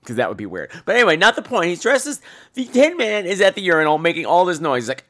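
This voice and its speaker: A man hosting a podcast, telling a funny, profane story in an animated way. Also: high-pitched, fast talker. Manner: animated, profane, jumps between voices. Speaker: podcast host. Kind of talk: comic storytelling.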